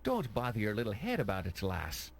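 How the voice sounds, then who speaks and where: An actor playing a brusque, dismissive Irish police detective in an adventure game. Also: male voice, lowish voice, huge pitch swings, brisk, gravelly, a little hiss or hum, full character voice. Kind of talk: 1990s adventure game voice acting.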